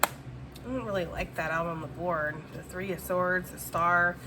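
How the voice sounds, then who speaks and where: A woman's voice: fairly low pitch, steady tone, normal speed, background noise. A woman giving a casual, chatty tarot reading and addressing her viewers directly. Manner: chatty, full of fillers. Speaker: tarot reader.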